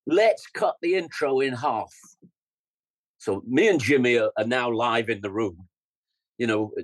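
An older English man, a guest musician, tells stories in an animated interview, scatting rhythms and acting out quotes. His medium-pitched voice sounds close and dry on the mic, though the audio quality is poor.

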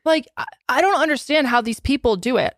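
A woman's voice: sits high, brisk, dry recording, clean studio sound. A woman in her late twenties hosting a podcast in casual chat, playful and jokey with swearing. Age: 20s. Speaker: podcast host.

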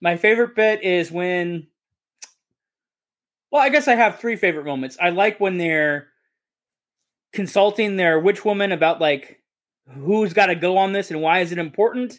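A man's voice: sits high, normal speed, long pauses. A man co-hosting a podcast who talks about a film in a casual, rambling, enthusiastic way and often corrects himself. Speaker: podcast co-host. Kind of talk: casual movie discussion.

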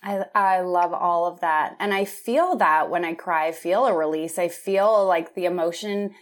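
A woman hosting a podcast, talking openly and emotionally in casual chat, quick to laugh. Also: fairly low pitch. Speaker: podcast host. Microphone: remote video call.

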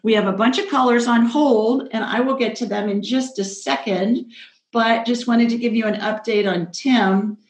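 A woman's voice: on the high side, steady tone, normal speed. A woman hosting a call-in show, talking in a chatty, upbeat way and joking about herself. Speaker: radio show host and psychic. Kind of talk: casual call-in show chat. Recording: roomy echo.

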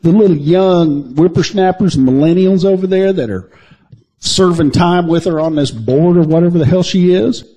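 A man's voice: high voice, moderate pace, mellow. A man co-hosting a crude comedy news podcast, rambling and teasing with mock outrage. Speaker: podcast co-host.

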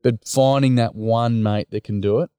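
Mellow, smooth-voiced Australian man. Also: medium pitch, fairly even intonation, moderate pace, no echo. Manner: storytelling, full of slang, acts out dialogue. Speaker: guest, workshop facilitator. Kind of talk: casual podcast interview.

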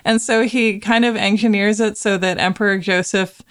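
A woman co-hosting a casual film discussion, chatty and quick to laugh, slipping into mocking voices. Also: medium pitch, steady tone. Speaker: podcast co-host.

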